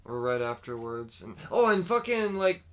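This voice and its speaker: A man co-hosting a podcast, chatting casually and animatedly about comics, swearing freely and acting out lines in quick bursts. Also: fairly high pitch, highs cut off. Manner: animated, swears often, acts out quotes. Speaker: podcast co-host. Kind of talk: casual chat.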